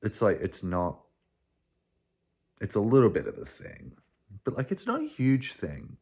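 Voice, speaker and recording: A young man vlogging to camera in a rambling, sweary way, swinging between hushed and loud. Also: fairly low pitch, huge pitch swings, measured pace.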